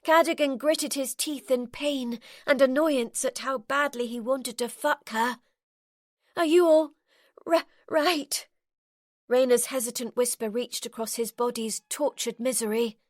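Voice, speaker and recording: A woman narrating a romance audiobook in a measured, intimate, softly expressive way. Her voice sits a little on the high side. The sound is dry and close-miked, with no room around it. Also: no echo.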